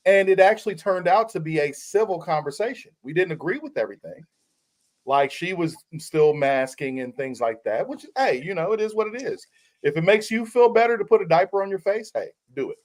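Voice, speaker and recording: A man's voice: high-pitched, expressive, brisk, darkish tone, rough recording. A man co-hosting a podcast, recounting an encounter with wry asides. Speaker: podcast co-host. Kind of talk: casual podcast chat.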